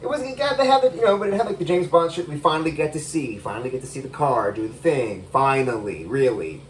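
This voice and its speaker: Fast and expressive, with a fairly high pitch, an American man in his thirties vents about a film while cooking in his kitchen. He records it on his phone, rambling, exasperated and swearing constantly, with faint noise behind him.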